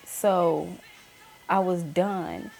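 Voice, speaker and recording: Woman in her 30s telling her story straight, kinda gravelly low voice, faint music under it. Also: drawn-out words, darkish tone. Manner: candid, acts out quoted voices. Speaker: host. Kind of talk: personal storytelling chat.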